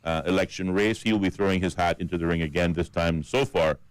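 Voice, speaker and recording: A man's voice: sits low, fast talker, clear, resonant tone, no room sound, low-quality recording. A man with a Caymanian accent co-hosting a radio talk show, running through lists of names with fillers. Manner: steady list-reading with fillers. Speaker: radio co-host. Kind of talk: radio talk about election candidates. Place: radio studio.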